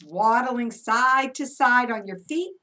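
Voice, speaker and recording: A woman who is an early childhood educator, leading a children's story time with movement in an animated, encouraging way for toddlers. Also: on the high side, takes it slowly, recorded from a distance.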